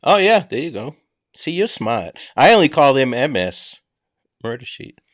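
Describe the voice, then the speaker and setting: A man's voice: mid-range voice, big pitch swings, moderate pace, no room sound. Man, boston accent, podcast host, casual emphatic chat, dry close sound. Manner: conversational, emphatic, drops filler words. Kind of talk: casual true-crime discussion.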